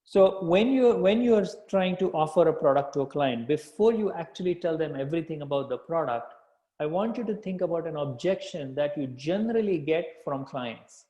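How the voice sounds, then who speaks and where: A sales coach runs a live workshop in a mellow, slightly high voice with lively intonation and normal speed. He repeats key phrases and checks in with listeners by asking "okay?", and the room sounds echoey.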